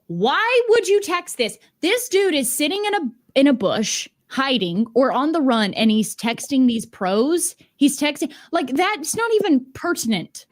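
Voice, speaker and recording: A woman's voice: sits high, very animated, a little slow, hardly any pauses, no echo, clean studio sound. A woman streamer giving sarcastic, incredulous reaction commentary, swearing casually as she picks apart what she reads.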